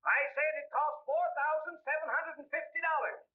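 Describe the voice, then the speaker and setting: A man's voice: extremely high pitch, fairly even intonation, normal speed. An actor playing an eager young tractor salesman, in 1930s film acting on a tinny old soundtrack. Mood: earnest.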